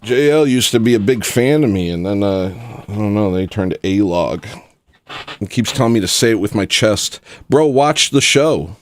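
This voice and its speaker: Man, deep voice, livestream host, sarcastic, rambling, dismissive, dry close sound. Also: animated, normal speed, no echo. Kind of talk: casual livestream rant.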